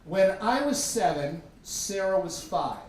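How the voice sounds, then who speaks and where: A man's voice: high voice, unhurried. Man telling a funny story in an echoey room. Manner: humorous, self-deprecating, animated. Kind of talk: live storytelling to an audience. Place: tavern stage. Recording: echoey room from far off, faint background noise.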